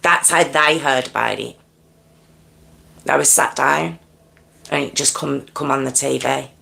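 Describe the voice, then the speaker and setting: A woman's voice: very deep voice, unhurried, vocal fry, sharp tone. A woman hosting a true crime livestream, telling the story in a casual, conversational way with many asides and restarts, checking in with her listeners.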